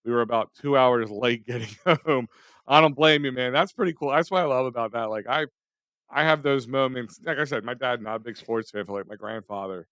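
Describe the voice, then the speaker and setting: A man, talking casually and reminiscing on a podcast. His voice sits in a middle pitch, recorded dry and close. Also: brisk, a bit bright, clean tone, dry recording. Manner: chatty, reminiscing. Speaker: podcast co-host. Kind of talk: casual chat.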